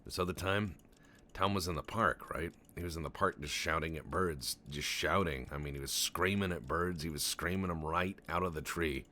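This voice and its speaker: A man commenting on a game he is playing, telling long absurd stories in a deadpan way, stammering and swearing often. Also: extremely low pitch, moderate pace, a little hiss or hum. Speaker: Let's Play commentator. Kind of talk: casual game commentary with rambling tall tales.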